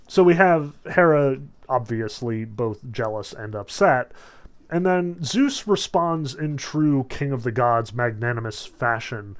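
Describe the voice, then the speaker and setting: A young man giving a casual, chatty lecture, animated in his retelling and heavy with fillers. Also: mid-range voice, unhurried.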